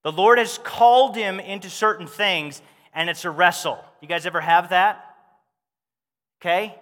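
Male pastor, high forceful voice, animated conversational sermon, church-hall reverb. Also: normal speed.

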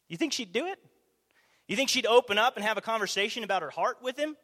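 Man, preacher, high voice, conversational sermon, rhetorical questions to the crowd, long hall reverb. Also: fast. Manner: animated, asks the audience rhetorical questions.

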